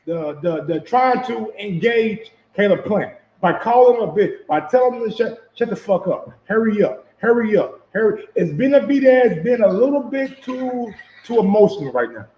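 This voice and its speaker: Reacting to boxing footage, a man with a high-pitched voice comments casually and profanely, going over the same points and putting questions to viewers. The recording has its highs cut off and comes from an echoey room.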